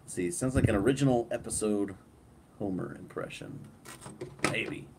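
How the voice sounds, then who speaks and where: A man hosting a casual live stream, relaxed, reading viewer comments aloud and laughing often. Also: fairly low pitch, moderate pace. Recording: clear background noise.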